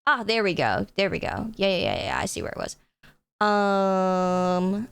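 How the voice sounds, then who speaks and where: A woman's voice: mid-range voice, expressive, a little slow, vocal fry, a bit bright, clear, resonant tone, no echo. A woman streaming live, chatting casually with her viewers, laughing often and swearing freely. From United States.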